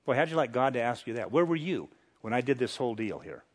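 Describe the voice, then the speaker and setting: A man's voice: mid-range voice, big pitch swings, quick pace. A man preaching a sermon, reading scripture dramatically and pressing rhetorical questions with chuckles. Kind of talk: sermon, Bible exposition.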